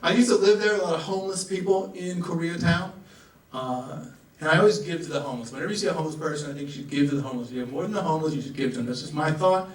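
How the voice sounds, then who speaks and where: A young man from the American South performing a stand-up comedy set and acting out characters in raised voices. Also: a little high. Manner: rapid asides, acts out characters in raised voices. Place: comedy club. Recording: roomy club audio from a distant mic.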